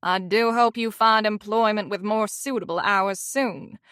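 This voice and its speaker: A woman doing a gravelly old Southern aunt. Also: medium pitch, unhurried, a bit bright, dry recording, clean studio sound, lightly acted. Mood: haughty. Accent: thick Southern US. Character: prim, disapproving elderly Southern great-aunt.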